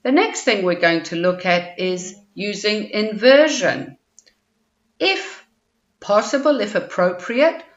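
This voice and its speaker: A woman teaching exam grammar in a recorded lecture, reading example sentences and explaining them patiently step by step. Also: mid-range voice. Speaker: IELTS teacher. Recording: muffled, echoey room.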